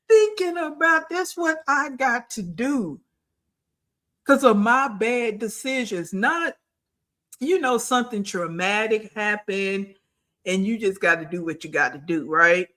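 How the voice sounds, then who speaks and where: A woman hosting a reaction video, pausing the clip to deliver blunt, mocking, profane commentary. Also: medium pitch, animated, bright, forceful tone.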